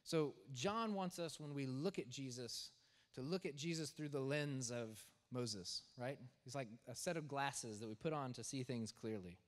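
A man's voice: mid-range voice, normal speed. Preaching man in a reverberant church. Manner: conversational, asks "right?" often. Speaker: pastor. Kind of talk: sermon. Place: church sanctuary.

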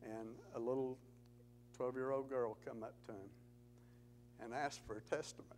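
A man's voice: medium pitch, fairly even intonation, moderate pace, a little mellow, slight background noise, rough recording. A man giving an earnest testimony talk in church, telling stories with rising emphasis. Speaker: Gideons speaker at church.

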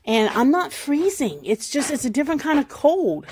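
A woman's voice: sits high, sing-song, moderate pace, darkish tone, a little hiss or hum. Chatty woman vlogging outdoors. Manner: chatty, rambling, musing aloud. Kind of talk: casual walk-and-talk vlog. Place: outdoors in snow around her house.

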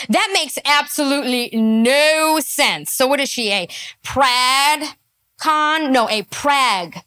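A woman delivers mocking comedic commentary full of sass and punchy asides. Her voice sits high and sharp. Her pitch leaps around animatedly. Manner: sassy, mocking, laughing, animated.

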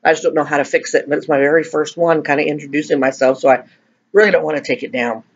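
A woman's voice: sits low, fairly even intonation, quick pace, husky. A middle-aged woman chatting casually to viewers while eating, joking about herself. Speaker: mukbang vlogger. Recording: dull lo-fi home recording.

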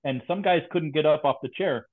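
A man's voice: on the high side, a little fast. A man casually telling stories from his training days, with dry, teasing banter. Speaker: former SEAL guest. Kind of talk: casual storytelling chat. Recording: tinny phone-like line.

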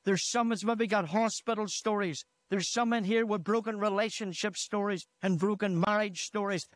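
A man's voice: high-pitched, dry recording. A man from Northern Ireland preaching a sermon in a church, retelling a story with repeated "he said" and rising to fervent emphasis. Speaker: pastor. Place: church hall. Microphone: handheld microphone.

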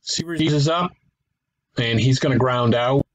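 A gaming channel host with a mid-range voice, speaking a little slowly, offers laid-back play-by-play on a simulated baseball game. He thinks out loud, corrects himself, and drops wry asides. The recording quality is low.

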